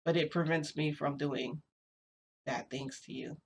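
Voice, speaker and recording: Toshinori, a woman quoting a hushed lovestruck man. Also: low-pitched, steady tone, unhurried, a little hiss or hum. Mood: pleading. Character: lovestruck flirtatious adult man, insistent.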